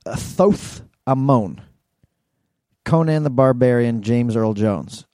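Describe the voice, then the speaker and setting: A blunt, opinionated man co-hosting a podcast, swearing casually as he chats. His voice is dark and relaxed, at an average pitch. It is recorded dry and close. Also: slow pace, dry recording. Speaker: podcast co-host. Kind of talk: casual chat.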